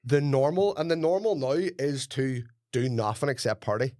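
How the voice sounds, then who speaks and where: Animated ranting Irish man. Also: mid-range voice, moderate pace. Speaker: comedian, podcast co-host. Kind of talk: casual comedic chat.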